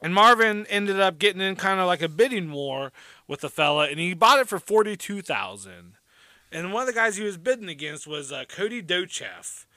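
A man co-hosting a podcast, telling a story in a rambling, animated way with lots of fillers. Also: high voice, normal speed, dry recording. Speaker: podcast co-host.

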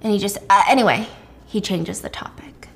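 A woman casually retelling a thriller's plot, animated and chatty, with frequent asides and the odd swear word. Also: mid-range voice, moderate pace, gravelly. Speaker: storyteller host. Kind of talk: casual storytime recap of a thriller.

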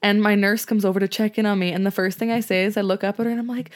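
A woman's voice: medium pitch, fairly even intonation, very fast. A woman co-hosting a casual chat, telling stories full of fillers and acting out quoted voices. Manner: chatty storyteller, acts out quoted voices, filler-heavy.

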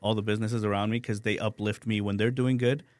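A man's voice: lowish voice, quick pace, no echo. A man, a restaurant owner, chatting as a guest on an interview show, eager and stumbling over repeated words. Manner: enthusiastic, repeats words when excited. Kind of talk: casual interview chat.

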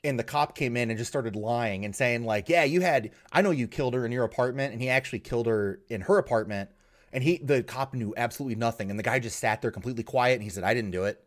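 A man chatting casually on a podcast, rambling and swearing as he tells animated stories. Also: mid-range voice, quick pace. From Minnesota. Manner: rambling, profane, animated storytelling. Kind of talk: casual chat.

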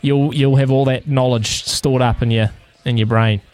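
Friendly New Zealand radio co-host. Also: male voice, medium pitch, fairly even intonation, normal speed, a little mellow, a little hiss or hum. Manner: friendly, talks callers through a game. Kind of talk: live radio chat.

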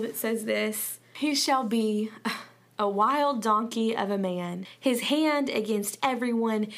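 A woman with a Southern accent giving an earnest, conversational Bible study talk, with fillers and restarts along the way. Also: mid-range voice. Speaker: Bible teacher.

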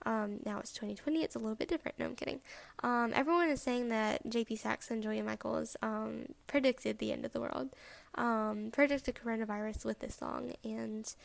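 A young woman hosting a podcast, talking reflectively and haltingly with many ums, open about her feelings. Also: a little high, creaky. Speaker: podcast host. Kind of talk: personal reflective podcast talk.

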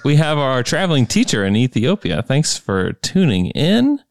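A man's voice: mid-range voice, big pitch swings, normal speed. A man hosting a podcast, chatting casually and reading out viewers' names from the live stream. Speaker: podcast host. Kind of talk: casual chat, reading stream shout-outs.

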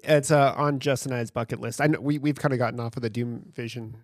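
A man's voice: mid-range voice, steady tone, fast talker, dry recording, clean studio sound. A man co-hosting a podcast in casual chat, rambling, swearing freely and getting enthusiastic. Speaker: podcast co-host.

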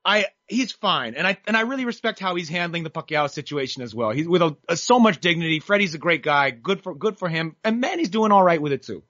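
A man's voice: on the high side, lively intonation, fast talker, hardly any pauses, a bit bright, no echo, highs cut off. A man talking boxing as a guest, opinionated and rambling with frequent restarts. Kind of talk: casual chat.

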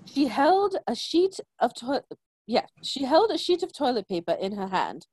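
A woman's voice: sits high, very animated, normal speed, a little mellow, slightly rough, dry recording. Giggly woman reading a silly story. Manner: giggly, breaks into laughter while reading. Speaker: story reader and co-host. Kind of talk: casual reading of a comic story. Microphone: phone.

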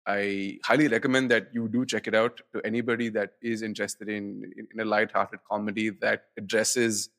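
A young man with a low-pitched, gravelly voice, talking casually on a podcast. He speaks haltingly, restarting phrases and repeating words. There is a steady creak in his tone. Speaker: podcast co-host. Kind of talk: casual chat.

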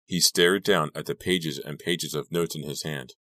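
A man with an extremely deep voice reads a first-person teen horror story. His delivery is steady and measured. The mic is close and the room is dead dry. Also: no echo. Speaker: audiobook reader. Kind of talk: scripted first-person narration.

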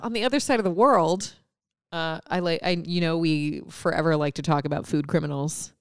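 Brief: young woman, low-ish voice, casual podcast co-host, laughs easily, dry close sound. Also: clean tone, dry recording. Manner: laughing, joking, quick asides. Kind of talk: casual news chat.

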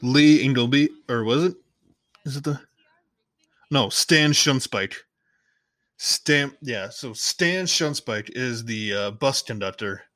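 A man with a bright, forward voice chats casually through a movie recap on his podcast. He rambles, restarts his sentences, and now and then jumps into other characters' lines. The recording is close and dry, with no room sound. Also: medium pitch, slow, pauses often, dry recording. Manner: rambling, chatty, self-correcting, playfully acts out lines. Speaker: podcast host.

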